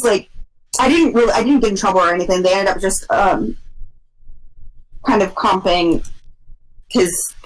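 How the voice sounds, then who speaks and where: A woman's voice: mid-range voice, poor audio. A woman co-hosting a podcast, telling a long work story in casual chat, rambling with lots of fillers and restarts.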